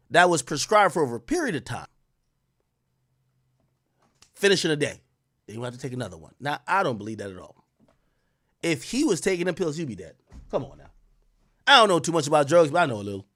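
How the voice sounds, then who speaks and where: A young adult man hosting a commentary show, talking in a mocking, animated way that swings from loud outbursts to low muttered asides. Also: no room sound, studio quality. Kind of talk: sarcastic news commentary.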